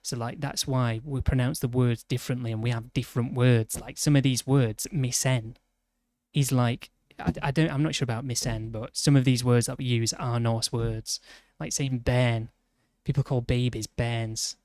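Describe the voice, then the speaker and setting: A Yorkshire man chatting on a game stream, getting worked up and tripping over his own words as he argues. His voice sits at an ordinary pitch and sounds close and dry, with no room around it. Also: fairly even intonation, a little mellow, no room sound. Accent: Yorkshire English. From Yorkshire, England. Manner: rambling, indignant banter with quick restarts. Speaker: livestreamer. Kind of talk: casual gaming stream chat.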